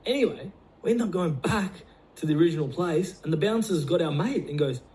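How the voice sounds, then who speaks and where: A man on a podcast, retelling a story in a lively, animated way. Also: a little high, brisk. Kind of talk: casual storytelling.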